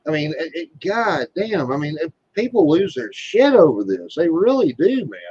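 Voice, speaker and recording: A man's voice: fairly high pitch, big pitch swings, normal speed, a little mellow, slight background noise. A man in casual chat, rambling and swearing constantly as he tells stories. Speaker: guest being interviewed. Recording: dull, dry lo-fi sound.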